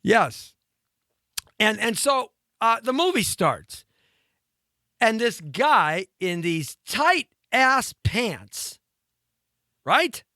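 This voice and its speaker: A man in his fifties, a show host, telling a rambling story with animated delivery and laughing asides. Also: high-pitched, drawn-out words, long pauses, no echo, studio quality. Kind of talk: storytelling monologue.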